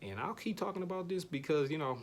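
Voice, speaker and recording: A man vlogs a casual motivational monologue at a quick pace, full of slang and repetition, with slight background noise. Now and then his voice jumps up higher and more animated.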